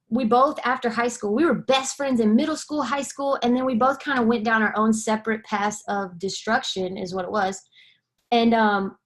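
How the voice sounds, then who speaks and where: A young woman, giving a candid personal testimony and acting out quoted dialogue as she tells it. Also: a little high. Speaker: guest sharing her testimony.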